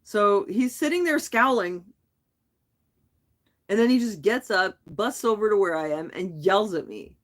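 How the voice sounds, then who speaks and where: A woman vlogger talking casually on a live stream, telling a story in a rambling, animated way with frequent restarts. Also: medium pitch, unhurried. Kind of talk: casual chat.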